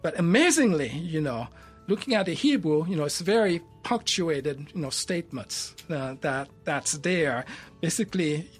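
A man's voice: fairly high pitch, animated, normal speed, breathy edge, soft background music. A man who talks through a Bible passage in a thoughtful way, with many fillers. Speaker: Bible teacher guest. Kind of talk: conversational Bible study.

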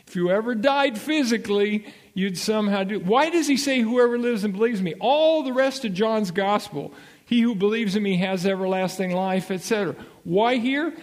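A man giving an expository Bible lesson, emphatic and checking in with his listeners, repeating his key points. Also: high voice. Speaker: Bible teacher.

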